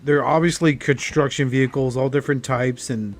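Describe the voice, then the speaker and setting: A man's voice: mid-range voice, fairly even intonation, fairly quick. A man on a casual panel chat, easygoing and repeating words as he finds his point. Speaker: panel guest.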